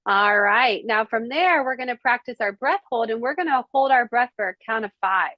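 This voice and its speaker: Female mindfulness coach on a video call. Slightly high voice, very slow and soothing, counts breaths. Dull, dry audio. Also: no echo. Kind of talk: guided breathing exercise.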